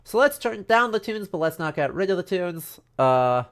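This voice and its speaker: Man, stuffy nose, casual livestream lecture, joking asides, slightly high voice. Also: big pitch swings, normal speed, a bit bright. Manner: chatty and joking, many fillers and asides. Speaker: history streamer. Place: home in the countryside.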